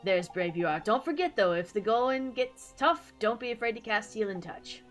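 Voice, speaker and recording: A woman's voice: a little high, expressive, moderate pace, soft background music, close to an everyday voice. A woman voicing a cheeky little male fairy sidekick in a put-on Scottish accent, reading game dialogue with chatty slang.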